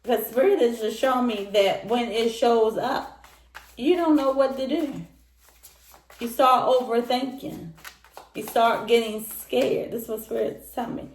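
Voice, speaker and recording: Lady doing a tarot reading, slow and repetitive, talks right at you, echoey room. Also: a little high, a little hiss or hum. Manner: repetitive, speaks straight to the listener. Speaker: tarot reader. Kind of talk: casual tarot reading to camera.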